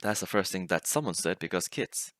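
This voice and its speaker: Amused low-voiced man reading stories. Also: expressive, a little fast, a bit bright, no room sound, clean studio sound. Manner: amused, often laughing as he reads. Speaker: storyteller reading online stories. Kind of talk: casual narration of funny stories.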